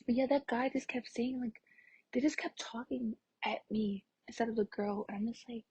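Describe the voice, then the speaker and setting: A young woman talking to camera in a casual vlog, soft-spoken and exasperated, often dropping to a near whisper and filling her sentences with "like.". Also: a little high, fairly even intonation, normal speed, poor audio. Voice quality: breathy, often half-whispered. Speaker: vlogger.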